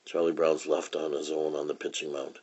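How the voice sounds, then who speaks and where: Low, husky man reading a story. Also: level tone, fairly quick, darkish tone, muffled recording. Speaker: reader. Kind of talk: children's read-aloud narration.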